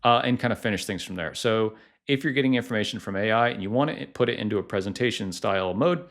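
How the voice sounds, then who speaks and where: Chatty, lower-pitched man explaining AI tools. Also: fast, vocal fry, a bit bright. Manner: chatty, lots of "like" and "uh" fillers. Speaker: tech YouTuber, podcasting company founder. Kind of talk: casual tutorial vlog.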